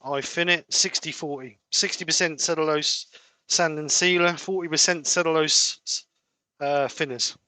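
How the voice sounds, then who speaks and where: A man's voice: a little high, steady tone, moderate pace, bright, forceful tone, no room sound. A man demonstrating woodturning on a livestream, explaining his steps in a plain, practical way. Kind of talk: livestream demo chat.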